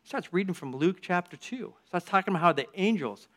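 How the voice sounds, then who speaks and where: A man delivers an energetic sermon to a church group. His voice sits a little high, and he moves between earnest appeals and casual storytelling asides, pushing hard on key words. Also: quick pace.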